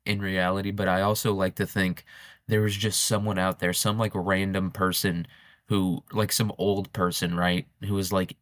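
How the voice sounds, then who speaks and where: A man's voice: sits low, level tone, normal speed, fairly bright tone, no room sound, clean studio sound. A man hosting a show, rambling through a casual, irreverent comic monologue and often laughing. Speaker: podcast host.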